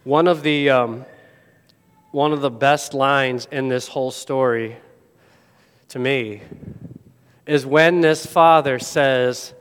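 A man preaching a sermon as pastor, telling a story dramatically and swinging from loud to hushed. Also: a little high, animated, slow, long pauses, smooth. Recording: long hall reverb.

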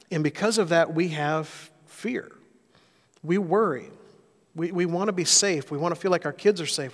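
A middle-aged pastor preaching a sermon, telling a personal story in an earnest way. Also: male voice, a little high. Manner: earnest storytelling, rising and softening for emphasis. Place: church sanctuary. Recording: reverberant church hall.

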